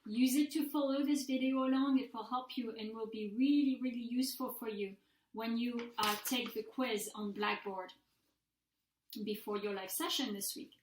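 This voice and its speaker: Woman teacher walking students through a lesson, a bit high voice, echoey room. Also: steady tone, normal speed. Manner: patient, methodical, models example sentences aloud. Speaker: French language instructor. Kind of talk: recorded mini-lecture.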